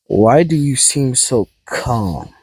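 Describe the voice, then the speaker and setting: Calm infant ninja prodigy, as a man puts him on. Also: mid-range voice, slow, breathy edge, dry recording, heavily acted, rough recording. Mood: probing.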